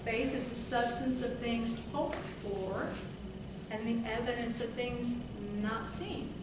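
A woman preacher with a high voice leans into scripture with fervent, drawn-out emphasis. She is recorded from a distance in a strongly echoing church hall. Noise sits clearly under her voice. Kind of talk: sermon. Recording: echoey room from far off, noisy.

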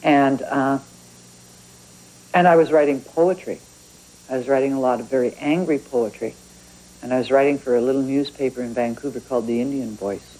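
A woman's voice: a bass voice, steady tone, moderate pace, pauses often, dark tone, poor audio. A woman from Canada, a writer talking about her work in a thoughtful, conversational interview. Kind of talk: reflective interview talk.

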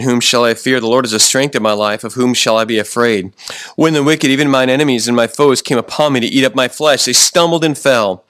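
A pastor preaching a sermon, often slowing down for emphasis and restarting his sentences. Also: medium pitch, a bit bright, dry recording. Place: church.

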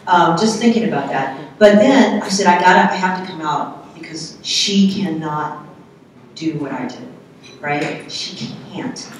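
A middle-aged woman speaking on a panel, telling a personal story in a candid, halting, soft-spoken way. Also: low-pitched, a little hiss or hum. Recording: echoey hall from far off.

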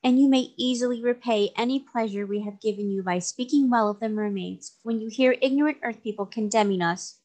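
A woman's voice: a little high, brisk, natural voice. A woman reading aloud and voicing a gracious, formal mermaid queen in a storybook. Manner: calm, gentle and formal.

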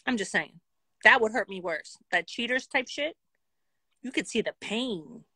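A woman telling a casual storytime vlog in a blunt, profane and animated way. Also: fairly high pitch, unhurried, husky, no room sound. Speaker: vlogger.

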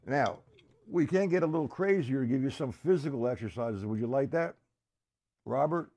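A man giving a live-streamed drum lesson. He counts beats out loud and chats casually with viewers between exercises. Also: medium pitch, expressive, moderate pace. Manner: counts out loud over drumming, chatty asides to viewers. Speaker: drum teacher. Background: drum kit playing.

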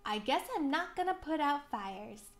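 A woman voicing an eager, excitable young cowboy man in a storybook reading, with a high, exclaiming voice. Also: unhurried.

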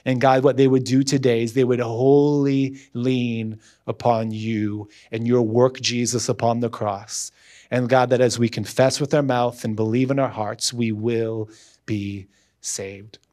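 A man's voice: mid-range voice, flat delivery, unhurried, a little mellow. A man as a guest pastor, preaching earnestly with repeated emphatic phrases, then leading a closing prayer.

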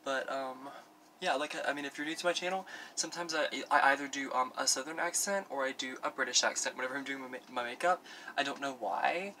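A man's voice: mid-range voice, expressive, a little fast, bright, forceful tone, slight background noise. A young man hosting a parody makeup tutorial at home, rambling with lots of fillers and camp asides to himself. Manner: rambling, filler-heavy, camp self-talk. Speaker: makeup vlogger. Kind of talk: parody beauty tutorial chat. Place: at home doing his makeup.

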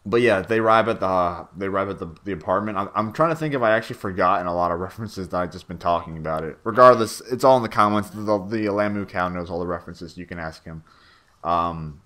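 A man's voice: low voice, fast, fairly bright tone. A young man giving a rambling, stammering director's commentary on his own machinima, full of fillers and swearing.

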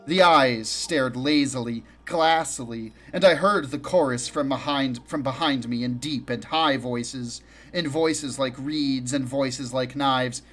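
A man giving an expressive first-person reading of a story as an audiobook reader, slowing down for emphasis and lifting his voice for quoted lines. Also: faint music behind. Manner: dramatic, slows down for emphasis and rises in pitch for quoted speech.

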